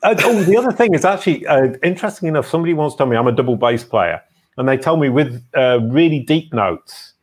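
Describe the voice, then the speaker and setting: A man's voice: mid-range voice, lively intonation, quick pace, slightly rough. A man hosting a casual online interview, chatty and enthusiastic with playful teasing. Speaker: host.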